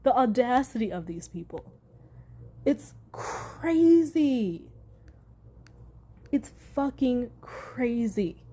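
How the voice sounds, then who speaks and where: An angry woman rants straight into her vlog, swearing constantly and reading news aloud between outbursts. Her voice sits a little high, yet it sounds mellow and warm rather than bright. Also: expressive, a little slow, hardly any pauses. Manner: heated, profane ranting, reads news aloud. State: furious. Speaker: commentator.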